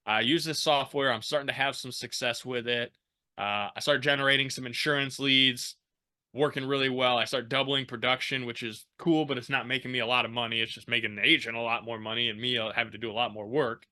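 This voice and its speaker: A man telling his own story as a podcast guest, casual and animated, swearing freely and acting out the people he quotes. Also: mid-range voice, fairly quick.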